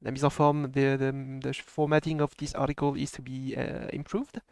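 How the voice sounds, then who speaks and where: A man's voice: medium pitch, level tone, normal speed, vocal fry, clean tone, dry recording. A man with a French accent, hosting a casual live stream and chatting with a laugh in his voice. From France. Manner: chatty, laughs often, mixes in French phrases. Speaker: stream host.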